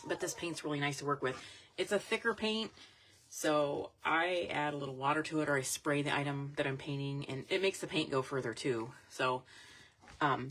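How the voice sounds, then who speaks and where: A woman's voice: low voice, fairly bright tone, a little hiss or hum. A woman vendor chatting casually and rambling as she shows her items in a selling vlog. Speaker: vintage and jewelry vendor.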